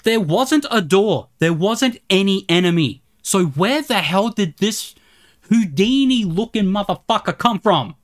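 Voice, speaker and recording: A woman's voice: mid-range voice, lively intonation, measured pace. A woman giving let's play commentary, ranting and swearing at enemies in exasperation. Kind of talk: gameplay commentary.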